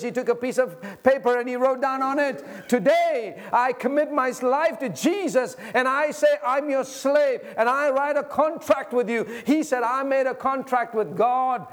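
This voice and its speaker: A man delivering a fervent sermon in a high voice. He drops to a hush and then rises to shouting, and he leads the congregation through prayers line by line. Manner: swings from hushed to shouting, leads the crowd in repeating prayers; fervent and impassioned. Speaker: pastor.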